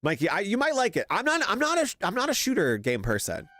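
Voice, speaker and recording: A man streaming a story game, chatting casually with viewers and reacting excitably, laughing and swearing. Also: high voice, fast talker, soft background music. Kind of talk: casual gaming stream chat.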